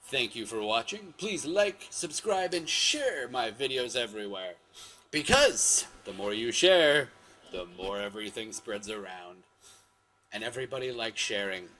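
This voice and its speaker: Hosting his video show, a man spins casual stories in a meandering way, often revising what he just said and breaking into sudden exclamations. His medium-pitched voice is animated, bright, and forceful, and he doesn't rush.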